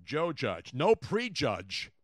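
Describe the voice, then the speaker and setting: A man hosting a sports talk show, talking in a loud, theatrical way and bantering with his co-host. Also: mid-range voice, huge pitch swings, takes it slowly, no room sound.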